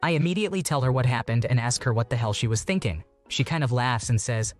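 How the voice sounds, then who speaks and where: A man narrates online posts in a steady, even reading voice. His pitch sits in the middle range for a man. Faint music plays underneath. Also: quick pace, few pauses. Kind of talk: scripted narration.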